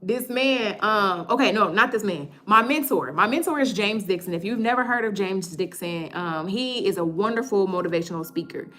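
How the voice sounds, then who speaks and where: A young woman, hosting a casual livestream chat, joking, animated, often stammering and repeating herself. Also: medium pitch, moderate pace, hardly any pauses. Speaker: livestream host.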